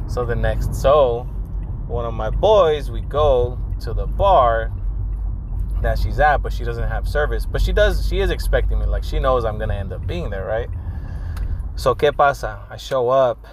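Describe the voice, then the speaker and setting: A man's voice: medium pitch, lively intonation, moderate pace, slight background noise, low-quality recording. A young man telling a casual, profane story, switching between English and Spanish slang.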